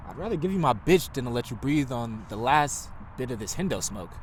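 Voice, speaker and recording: Animated slangy young man. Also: medium pitch, brisk, a little hiss or hum. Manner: slangy, laid-back, laughs often. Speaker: podcast co-host. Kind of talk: casual chat.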